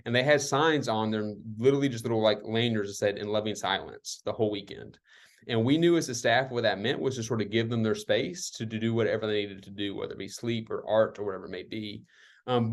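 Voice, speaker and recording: A man speaking on an online community call, reflective and loose, with many fillers like "um" and "like". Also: medium pitch. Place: worked at retreat centers.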